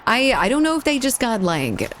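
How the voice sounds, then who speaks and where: A woman's voice: on the high side, very animated, normal speed, a bit bright, a little hiss or hum. A woman streaming a shooter game, chatting casually and rambling while breaking off to react to the gameplay and to her chat.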